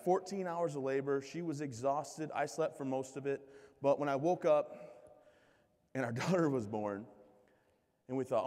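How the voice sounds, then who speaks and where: A man in his thirties from Michigan, giving a comic, self-mocking keynote speech with lively crowd banter. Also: medium pitch. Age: 30s. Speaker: keynote speaker. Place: large conference hall. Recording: long hall reverb.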